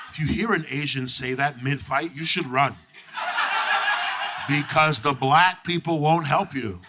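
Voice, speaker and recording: Brash male comedian, from Canada, profane, animated, fairly high voice, noisy live recording. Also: a little slow. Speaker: stand-up comedian. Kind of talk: stand-up comedy set.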